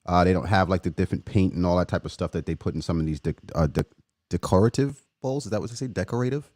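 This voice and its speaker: A man hosting a casual livestream, chatting loosely and giving shout-outs to viewers by name. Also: low-pitched, rapid-fire, no room sound. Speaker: livestream host.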